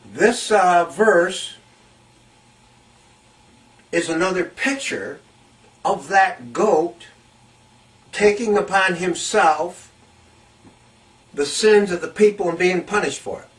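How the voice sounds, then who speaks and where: A man's voice: sits high, takes it slowly, pauses often, fairly bright tone, far from the mic, poor audio. A man preaching a Bible teaching sermon, reading scripture aloud and repeating key phrases to stress them.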